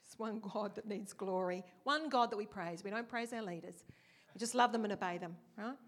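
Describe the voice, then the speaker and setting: A woman's voice: mid-range voice, fairly quick. Chatty woman preaching. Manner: chatty, asks the congregation questions, acts out quotes. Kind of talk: conversational sermon with storytelling.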